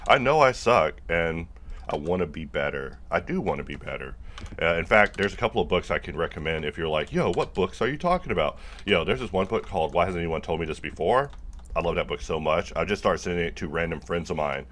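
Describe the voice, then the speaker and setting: A man's voice: low-pitched, a little fast, a bit bright. A man talking casually to the camera while he works, joking about himself and wandering off topic, with many fillers. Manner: self-deprecating, jokey, rambling with many fillers. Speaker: video maker working on a project. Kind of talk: casual rambling monologue while working.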